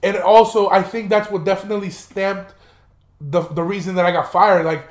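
High-voiced young man telling stories in an echoey room. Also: fairly even intonation, moderate pace. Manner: profane, rambling, laughs while telling. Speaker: podcast host. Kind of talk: casual storytelling monologue.

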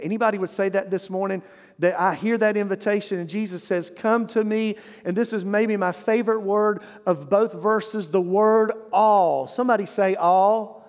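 A man's voice: sits high, moderate pace, a little mellow. A male pastor preaching a sermon, prompting the congregation to answer back. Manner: preaching with call-and-response prompts. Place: church sanctuary. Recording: long hall reverb.

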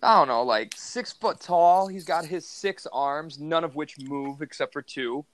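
A man's voice: a little high, unhurried, fairly bright tone. A man co-hosting a podcast, ranting with exasperation and plenty of swearing while reviewing a movie. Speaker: podcast co-host. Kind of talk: casual movie review chat.

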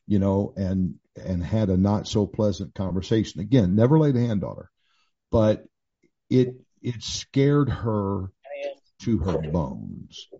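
This testimony comes from a man in his sixties, a pastor and author, speaking conversationally about his life with many fillers and restarts. He talks slowly in a fairly low, dark, slightly rough voice with big swings in pitch, captured on a dull lo-fi recording.

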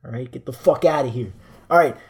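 A man's voice: medium pitch, brisk, breathy edge. A young man hosting a solo podcast, reading articles aloud and ranting about them in a profane, sarcastic way. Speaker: podcast host.

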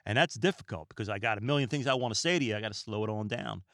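Male podcast host, low voice, dry close sound, relaxed rambling monologue, stumbles over words. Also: racing, dry recording. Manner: calm and relaxed. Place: small room lined with books.

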